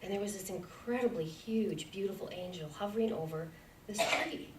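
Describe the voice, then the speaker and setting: A woman in her forties giving a heartfelt personal testimony as a guest speaker in a church, earnest and sometimes dropping to a soft whisper. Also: mid-range voice, normal speed, very noisy. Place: church sanctuary. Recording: echoey church hall from far off.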